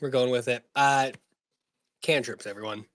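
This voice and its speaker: A man's voice: medium pitch, steady tone, normal speed, a bit bright, no room sound. Joking man hosting a podcast, dry sound. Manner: joking, rambling. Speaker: podcast host. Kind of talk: casual podcast chat.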